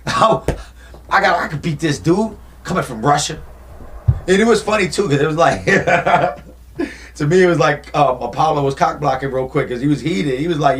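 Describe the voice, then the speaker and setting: Animated young man retelling movie scenes. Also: fairly high pitch, normal speed. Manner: animated storytelling, acts out movie lines. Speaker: vlogger. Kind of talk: casual movie-talk vlog.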